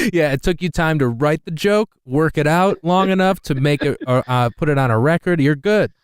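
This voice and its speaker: A man hosting a podcast, easygoing and teasing his guest in relaxed chat. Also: on the high side, moderate pace, clear, resonant tone, no room sound, studio quality. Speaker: podcast host.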